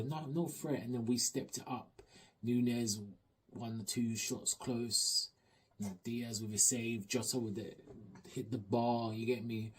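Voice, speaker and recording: A man giving an animated, slang-heavy, rambling match review as a football fan. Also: on the low side, a little hiss or hum. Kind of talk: excited football fan rant.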